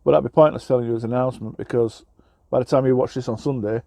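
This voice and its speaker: Rambling English truck driver, mellow voice. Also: male voice, medium pitch, fairly even intonation, racing, creaky, dry recording. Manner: rambling, self-deprecating, many fillers and restarts. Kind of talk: casual vlog chat. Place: truck cab, on the road.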